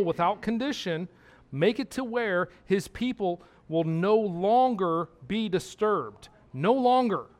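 A man preaching a sermon, emphatic and repetitive, asking his listeners questions. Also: sits high.

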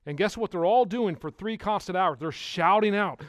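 Emphatic preaching man, higher voice. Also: moderate pace, dry recording, studio quality. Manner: emphatic preaching, swings from hushed to loud; rhetorical questions to the congregation. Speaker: pastor. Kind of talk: sermon.

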